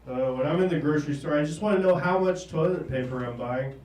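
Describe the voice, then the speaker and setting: A man in his thirties from the American South doing a stand-up set, halting and trailing off, often chuckling at his own jokes. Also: a little high, a little mellow. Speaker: stand-up comedian. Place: comedy stage in a small room. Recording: roomy, distant live room recording.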